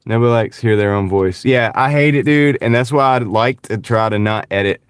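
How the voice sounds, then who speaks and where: A man's voice: medium pitch, fairly quick, smooth, dry recording, studio quality. A young man with a Southern US accent chatting casually on a livestream while driving deliveries, rambling and saying "like" and "dude" a lot, recorded in his van on a clip-on mic. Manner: rambling, says "like" and "dude" often. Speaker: delivery driver streaming. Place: inside a van. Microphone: wireless clip-on mic.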